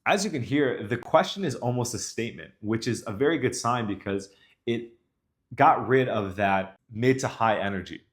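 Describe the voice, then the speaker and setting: A young man coaching other men on dating, talking to camera in a confident, even tone that ends his sentences low. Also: normal speed. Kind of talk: instructional talk to camera.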